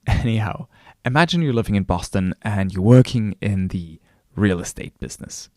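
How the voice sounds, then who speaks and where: A man's voice: lowish voice, moderate pace, darkish tone, dry recording, studio quality. A male course instructor narrating a recorded lesson, telling a story and speaking straight to the listener. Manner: storytelling, addresses the listener directly.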